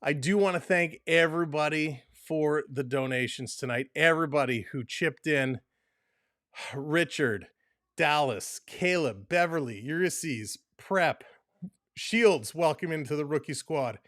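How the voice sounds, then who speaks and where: A man from Canada hosts a casual hockey livestream, out of breath and upbeat as he thanks his viewers. His voice sits a little high for a man. The sound is dry and close, recorded at a desk mic with no room around it. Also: unhurried, a bit bright, no room sound. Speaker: livestream host.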